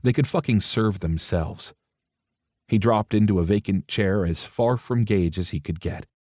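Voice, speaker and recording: A man's voice: lowish voice, normal speed, darkish tone, no echo, clean studio sound. A man narrating a romance audiobook, switching into different voices for the characters' dialogue.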